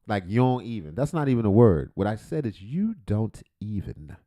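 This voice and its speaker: A man's voice: fairly low pitch, sing-song, quick pace, mellow. A man hosting a comedic livestream reaction, rambling, swearing and joking. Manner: rambling, profane, joking, self-interrupting. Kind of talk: casual comedic reaction commentary.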